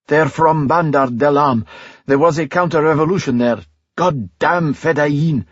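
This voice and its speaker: An audiobook reader voicing an urgent guard sergeant speaking in a hurry. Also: male voice, a little high, no echo, dull audio, voice pushed up. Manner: urgent, hurried.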